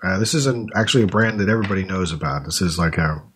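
Rapid-fire and low yet fairly bright in tone, a podcast host muses over the snacks he's tasting, chatting and thinking aloud with fillers. There's slight background noise.

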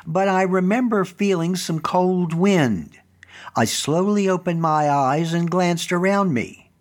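A man narrating a first-person story as the host of his own show, with a fairly high-pitched voice. He tells it in an earnest, conversational manner. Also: lively intonation, takes it slowly. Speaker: storytelling host and historical reenactor.

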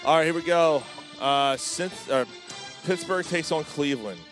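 A man's voice: a little high, measured pace, fairly bright tone, soft background music. A man hosting a casual sports podcast, chatting in a laid-back, profane way.

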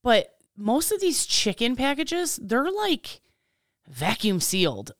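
A woman co-hosting a casual podcast, telling a lively work story, swearing freely and acting out what people said, a little tired. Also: a little high, takes it slowly, dry recording, studio quality. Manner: animated storytelling, swears freely, acts out quotes. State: tired, yawning. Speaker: podcast co-host. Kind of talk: casual chat.

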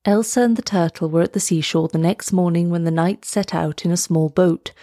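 Storybook narrator: woman, low-pitched, calm clear reading, dry close mic. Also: fairly quick, no echo. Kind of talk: storybook read-aloud narration.

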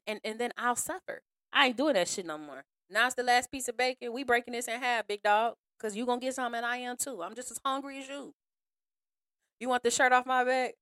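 A woman hosting a podcast in a casual monologue, frank and slangy, acting out other people in an animated way. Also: a little high, no echo, clean studio sound. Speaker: podcast host.

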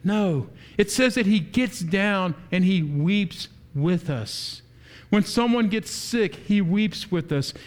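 A man preaching a sermon as pastor, animated, asking the congregation rhetorical questions. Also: sits high, slow.

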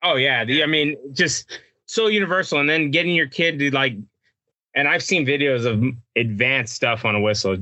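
A man chats on a hunting podcast, stumbling through his sentences and circling back to the same words. His voice is bright and clear, and the recording is dry with no room sound. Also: mid-range voice, no echo. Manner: halting, repeats himself, restarts sentences. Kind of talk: casual chat about duck calling.

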